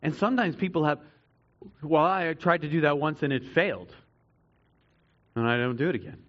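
A man preaching a sermon to a congregation, earnest, swinging between loud emphatic stretches and quiet reflective ones. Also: a little high, animated, normal speed, dull audio. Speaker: pastor.

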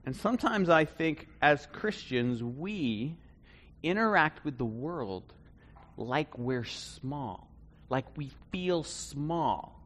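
A man preaching a conversational sermon, swinging between loud bursts and hushed asides. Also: fairly high pitch, lively intonation, slow. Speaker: pastor.

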